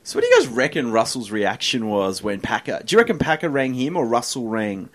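A man's voice: medium pitch, wildly swooping pitch, brisk, noisy background. An Australian man in his twenties, hosting a casual podcast chat, joking and laughing often. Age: 20s.

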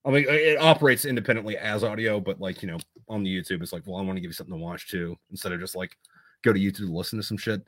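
A man's voice: on the low side, very fast, dry recording. A man chatting loosely on a podcast as the guest author, telling stories with plenty of swearing. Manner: loose, profane, rambling storyteller. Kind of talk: casual podcast chat.

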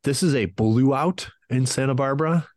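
A man's voice: medium pitch, moderate pace, darkish tone, dry recording. A man co-hosting a sports betting podcast, thinking aloud and weighing both sides before he makes a pick. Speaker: podcast co-host and betting analyst. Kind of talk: casual sports betting chat.

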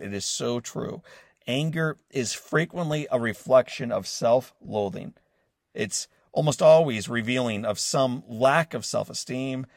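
Here a forty-something motivational podcast host tells a personal story in a scripted inspirational monologue. His medium-pitched voice carries vocal fry, and his earnest tone speaks warmly and straight to listeners. The sound is clean studio audio without room sound.

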